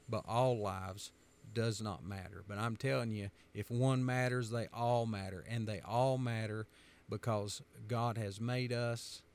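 A man from the United States giving an emphatic, sermon-style commentary, driving his points home by repetition. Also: mid-range voice.

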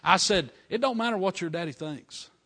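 A man's voice: high voice, expressive. Fervent preacher man. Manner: fervent, building to loud praise shouts; folksy dialect, drawn-out emphasis. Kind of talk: storytelling sermon.

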